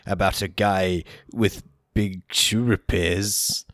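A man improvising a greedy shoe repairman husband, deadpan and hesitant. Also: low-pitched, takes it slowly, no room sound, clean studio sound. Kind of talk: improv comedy.

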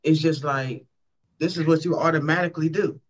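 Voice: mid-range voice, fairly even intonation, a little fast. An interview host who speaks frankly and casually, swearing now and then. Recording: dull lo-fi recording.

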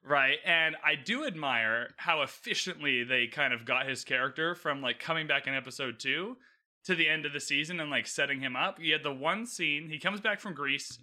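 Bright, slightly high male co-host, rambling and filler-heavy, casual podcast chat. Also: normal speed. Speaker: podcast co-host reviewing a TV series.

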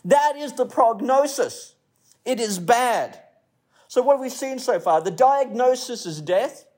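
An animated preacher with a very high-pitched, slightly mellow voice speaks at a measured pace. He keeps his sermon conversational, repeating phrases, restarting mid-sentence, and lightening things with stories and jokes.

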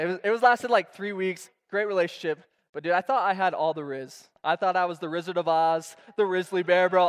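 A young male pastor delivering a sermon in a loose, slangy way, full of "bro" and "like." He acts out scenes with quick bursts of energy. His voice sits fairly high for a man. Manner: casual, slangy and animated, acting out stories.

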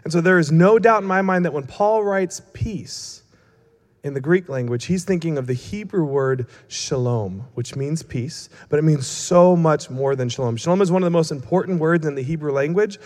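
A man's voice: fairly high pitch, normal speed, darkish tone. A young male preacher giving a casual, humorous sermon, telling self-mocking stories before explaining scripture. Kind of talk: sermon with storytelling. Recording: long hall reverb.

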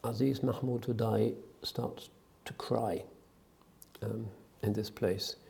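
A man telling a spiritual story in a relaxed talk, hesitant with frequent fillers and dropping in foreign phrases. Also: on the low side, takes it slowly, gravelly. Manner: drops in phrases of another language.

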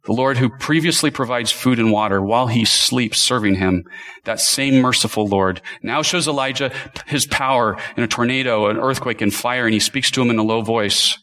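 Guy preaching a sermon, earnest and passionate, speeds up then slows way down, chatty asides. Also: mid-range voice, pushed and bright, rough recording. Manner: earnest and passionate, with sudden speed-ups and slow stresses. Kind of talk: expository sermon.

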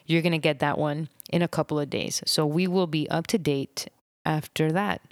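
A woman with a low voice hosts her own podcast in an unedited, reflective monologue. She rambles gently, with soft laughs and pauses. The sound is close and dry. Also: steady tone, no echo. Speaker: podcast host.

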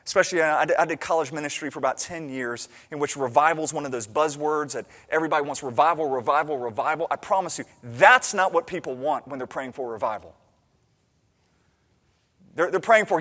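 A man preaching a sermon as pastor, swinging from hushed asides to loud, impassioned appeals. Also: fairly high pitch, fast, in a large hall.

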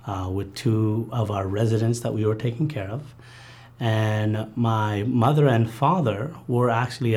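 Earnest man with a dark, husky voice. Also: fairly low pitch. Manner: earnest, halting storytelling with many fillers and restarts. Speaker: interview guest recounting a childhood memory. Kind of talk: personal testimony interview.

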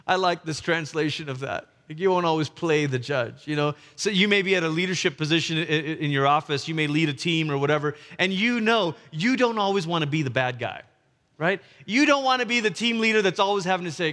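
A man delivers a lively sermon, his voice sitting high for a man. He acts out little voices and drops to near-whispers for emphasis. A long reverb tail hangs behind him, as if he is in a big hall. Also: a little fast. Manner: animated, acts out voices, swings from loud to hushed. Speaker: pastor.

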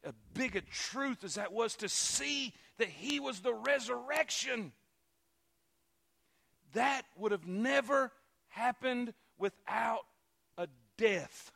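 A man preaching a sermon in a church, fervent and repetitive, building to shouts. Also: very high-pitched, expressive, slow, vocal fry.

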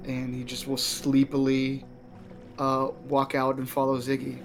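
A man at a middle pitch describing his character in a tabletop game, rambling and filling his pauses. Faint music plays under him. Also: monotone. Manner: rambling, filler-heavy. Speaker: player. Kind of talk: casual play.

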